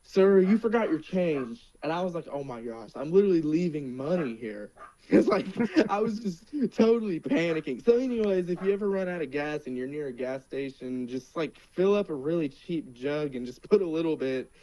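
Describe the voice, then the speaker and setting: A young man, a wrestler being interviewed, telling road stories in a casual, animated way and laughing now and then. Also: fairly high pitch, brisk, low-quality recording. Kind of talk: casual storytelling.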